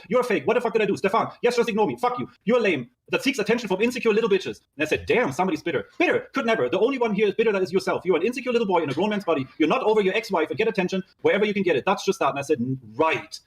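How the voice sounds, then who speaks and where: A man rapidly reading out a string of text messages and recounting an argument, swearing as he goes. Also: high voice, expressive, slight background noise. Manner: rapid reading aloud, swearing, narrating "she says, I said". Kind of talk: fast recounting of a dispute.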